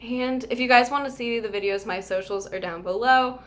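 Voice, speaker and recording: A woman's voice: on the high side, fairly quick. Gushing young woman telling a story. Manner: gushing and emotional, rambling with many "like" fillers. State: overwhelmed with happiness. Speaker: vlogger telling a fan story. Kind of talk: casual storytime vlog.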